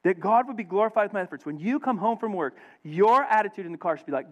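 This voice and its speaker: A middle-aged man preaching a sermon, swinging between loud emphasis and hushed storytelling. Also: high voice, lively intonation, quick pace, hardly any pauses, dull audio. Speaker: pastor.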